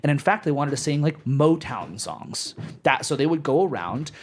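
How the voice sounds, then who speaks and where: A man's voice: fairly high pitch, animated, normal speed, a little hiss or hum. A young adult man hosting a casual live podcast, rambling with restarts and fillers and cursing freely. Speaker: podcast host.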